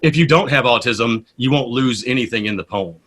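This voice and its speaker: A man with a bright, forceful voice tells stories as an interview guest. He is a poet and radio host, and he talks in a lively, animated way. His voice sits at a middle pitch. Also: a little fast. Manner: animated storyteller. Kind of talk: casual interview storytelling.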